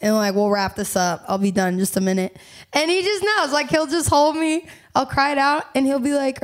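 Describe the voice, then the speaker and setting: A young woman chatting as a podcast guest, bubbly and quick to laugh, her talk full of "like" and "you know". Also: high-pitched, lively intonation. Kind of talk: casual podcast conversation.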